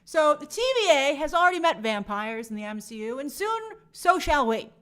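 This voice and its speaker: A woman's voice: high voice, normal speed. A woman hosting a casual movie news show, giving opinionated commentary and reading viewer comments. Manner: chatty, opinionated, animated asides.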